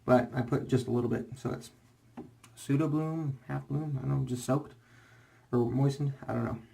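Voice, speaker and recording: A man's voice: medium pitch, steady tone, normal speed, vocal fry, dark tone. A young man rambling casually in a shaving vlog, full of fillers and restarts, slightly out of breath. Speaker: shaving vlogger.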